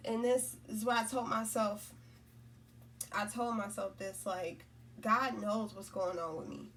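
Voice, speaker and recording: A woman's voice: medium pitch, fairly even intonation, unhurried, fairly bright tone, far from the mic, a little hiss or hum. A woman giving a casual spiritual talk, rambling and repeating herself, often checking in with "right?" and "you know?". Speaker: spiritual content creator.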